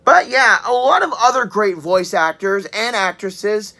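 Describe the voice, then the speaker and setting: A young woman in her twenties reviews a game in a loose, chatty way, full of joking asides and quick throat-clears. Her tone is bright and forceful at a middling pitch. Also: animated. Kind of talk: casual spoken review.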